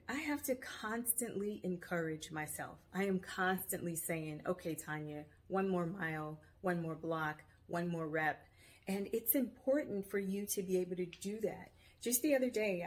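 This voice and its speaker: Recording at home on her video podcast's camera mic, a woman offers casual, upbeat motivational advice. Her voice sits at a medium pitch with a slightly mellow quality, and the talk is encouraging self-help.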